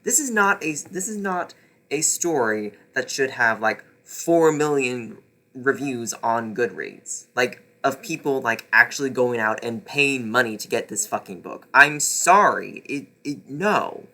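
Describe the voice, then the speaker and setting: A man's voice: medium pitch, expressive, measured pace, sharp tone. A man ranting sarcastically through a casual book review vlog, exasperated and swearing.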